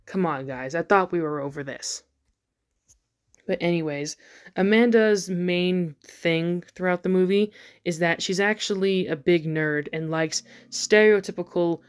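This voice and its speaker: A young woman in her twenties talks through a movie in a loose, chatty commentary, dropping "like" often and slipping in wry asides. Her voice sits a little on the low side. Faint music plays softly behind her. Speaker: video essayist reviewing a movie. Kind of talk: casual spoken commentary.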